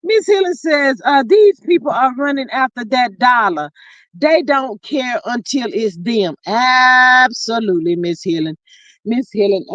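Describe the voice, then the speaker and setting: A woman hosting a casual livestream, reading viewer comments aloud and telling stories with big pitch swings, drawn-out exclamations and frequent laughter. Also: no room sound. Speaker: livestream host. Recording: dull lo-fi, dry sound.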